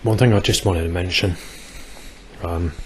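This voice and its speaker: Deep-voiced man in his forties, halting and rambling, video diary. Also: darkish tone, slight background noise, low-quality recording. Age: 40s. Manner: hesitant, rambling, many ums. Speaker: vlogger. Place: outdoors near a busy bus station.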